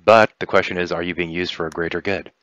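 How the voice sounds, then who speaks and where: A man voicing a compassionate, grave woman leader who speaks in an earnest, persuasive, measured way. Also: sits low, steady tone, fairly bright tone, no room sound. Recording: dull dry lo-fi recording.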